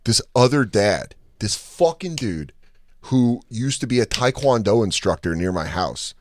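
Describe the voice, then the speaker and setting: A man's voice: lowish voice, a little slow, no room sound, studio quality. A man from Colorado hosting a podcast, telling stories in a casual, profane way and slipping into voices for the people in them. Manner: animated, profane storytelling with voiced impressions. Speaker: podcast host and comedian.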